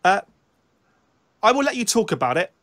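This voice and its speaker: A British man with a bright, high-pitched voice that swings up and down as he talks. He co-hosts a casual album-review chat over a remote call. He rambles in a self-mocking way and keeps restarting his sentences with "right". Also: sing-song, normal speed. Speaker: podcast co-host.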